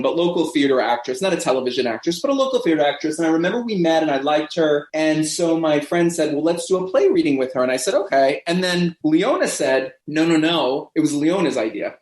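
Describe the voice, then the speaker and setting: A man in his fifties, a podcast guest telling a long anecdote and acting out the voices of people he quotes. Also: fairly high pitch. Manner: animated, acts out quoted voices. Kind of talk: anecdotal storytelling in a podcast interview. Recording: echoey room.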